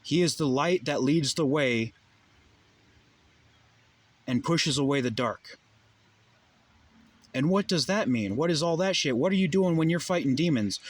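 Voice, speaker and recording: A man's voice: on the high side, lively intonation, measured pace, long pauses. Profane, heated man ranting. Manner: profane, rhetorical questions, heated. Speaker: vlogger. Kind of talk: ranting monologue.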